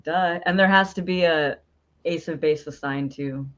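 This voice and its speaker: A woman's voice: low-pitched, moderate pace, fairly bright tone, highs cut off. A woman guest in a casual interview, laid-back and giving dry, short answers. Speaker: interview guest, Twitch streamer. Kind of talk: casual chat.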